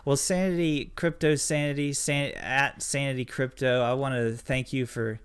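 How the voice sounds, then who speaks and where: A man hosting a laid-back podcast in a middle-pitched voice. He talks in loose, rambling bursts, restarting his sentences as he goes. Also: steady tone, moderate pace, smooth. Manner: rambling, lots of fillers and restarts. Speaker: podcast host. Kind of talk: casual chat.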